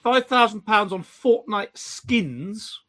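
A man co-hosting a casual chat, animated and mocking, with frequent stammering restarts. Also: sits high, takes it slowly. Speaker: podcast co-host.

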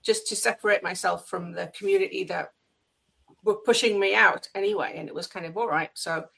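Woman, gravelly voice, lively casual chatter. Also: medium pitch, brisk, poor audio. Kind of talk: casual chat.

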